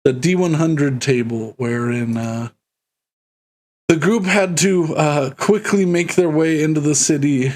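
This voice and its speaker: A man running a tabletop game over voice chat, recapping slowly with many fillers and frequent laughs. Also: fairly high pitch, darkish tone. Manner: slow, halting with many fillers, laughs often. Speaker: game master.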